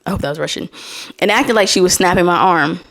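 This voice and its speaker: A young adult woman hosts a casual solo podcast, speaking quickly in a lowish, fairly bright voice. She is chatty, reading posts aloud and laughing between them.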